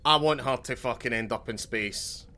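Bright-voiced of man. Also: mid-range voice, normal speed. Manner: dry, sweary humour. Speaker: podcast co-host. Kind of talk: casual chat.

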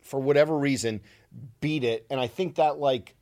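A man's voice: mid-range voice, normal speed, darkish tone. A man co-hosting a podcast in casual chat, teasing the others and joking around. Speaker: podcast co-host.

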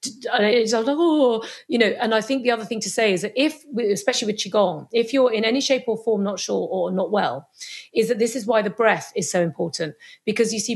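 A woman speaking as a podcast guest on Chinese medicine, animated and acting out little scenes in other voices. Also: medium pitch. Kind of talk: podcast interview.

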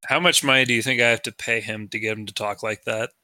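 A man co-hosting a comedy podcast with a piercingly bright, sharp voice. He talks crude and teasing, in a joking chat. The sound is dry and close. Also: medium pitch, fairly even intonation, fast, no room sound. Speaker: podcast co-host.

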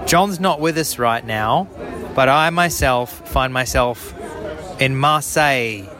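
A Canadian man hosting a podcast, chatting casually and telling a travel story with lively impressions. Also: mid-range voice, slow pace, crowd noise. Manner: animated storyteller, mimics voices. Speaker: podcast host.

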